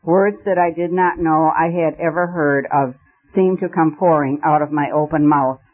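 A man reading a first-person novel as an audiobook narrator, measured and storytelling. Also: a little high, fairly even intonation. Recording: dull lo-fi recording.

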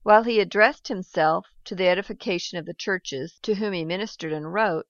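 Solemn low-voiced woman reading devotional text. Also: brisk, no echo. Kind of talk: reading a devotional book aloud. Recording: dry, slightly dull recording.

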